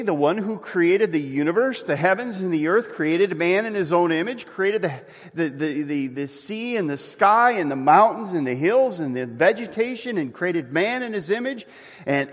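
Animated preacher in a reverberant hall. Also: male voice, high-pitched. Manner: animated preaching, voicing quoted speakers. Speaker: pastor. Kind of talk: sermon. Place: church.

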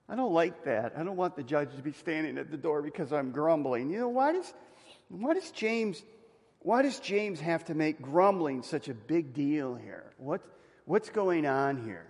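A male pastor preaching a conversational sermon, asking the congregation questions and rising to loud emphatic peaks. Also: fairly high pitch, expressive, a little slow. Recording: long reverb of a hall.

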